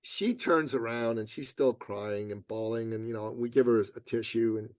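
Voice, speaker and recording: A man's voice: medium pitch, normal speed, no room sound. A man being interviewed as a motivational coach, telling stories casually and acting out what people said. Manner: animated storyteller, acts out quotes.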